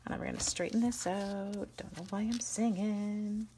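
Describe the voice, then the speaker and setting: A woman's voice: medium pitch, steady tone, a little fast, noisy background. A woman demonstrating card stamping live, talking each step through in a chatty, bubbly way and addressing viewers by name. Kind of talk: casual live crafting demo.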